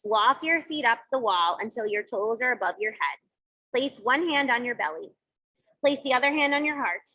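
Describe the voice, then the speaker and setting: A woman with a bright, crisp, fairly high voice leads children through yoga and mindfulness exercises. She gives gentle, encouraging instructions and adds playful sound effects along the way. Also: expressive, moderate pace, low-quality recording. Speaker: kids yoga teacher. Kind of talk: guided kids yoga and mindfulness.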